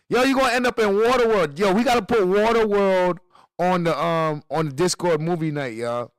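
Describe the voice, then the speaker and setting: A man's voice: high-pitched, fairly bright tone, no echo. A man streaming live, reacting to news with loose, laughing slang banter aimed at his chat.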